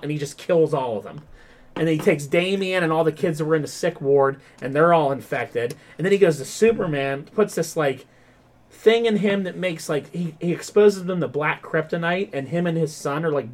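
A man hosting a podcast, retelling a story in a rambling, animated way, with lots of "like" and "um". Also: a little high. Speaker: podcast host. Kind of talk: casual podcast chat.

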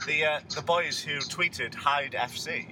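Animated swearing man, car noise. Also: fairly high pitch, unhurried. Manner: animated, swearing, mock-outraged rants. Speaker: podcast co-host. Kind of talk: casual banter about a football management game. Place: inside a moving car. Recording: noisy car recording.

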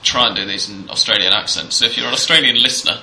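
A man's voice: mid-range voice, quick pace, gravelly, roomy sound, noisy background. A man hosting a casual podcast chat about football in a wry, chatty, self-deprecating way. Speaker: podcast host.

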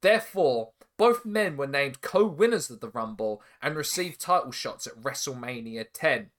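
Bright, animated male podcast host. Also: medium pitch. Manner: animated storytelling, swearing, quick laughs. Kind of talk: casual recap chat.

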